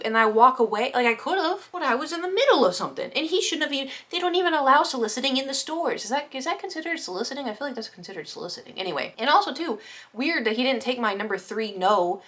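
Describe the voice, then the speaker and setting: A woman's voice: on the high side, a bit bright. A young woman vlogger recounting a story to her camera in a loose, rambling way. She sounds anxious and self-deprecating, stumbling over restarts as she talks it through. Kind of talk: casual storytime monologue.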